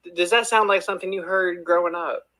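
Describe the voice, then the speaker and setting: Bright, playful Southern man. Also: high-pitched, steady tone, fast talker, rough recording. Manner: playful, teasing. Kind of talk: casual live audio chat.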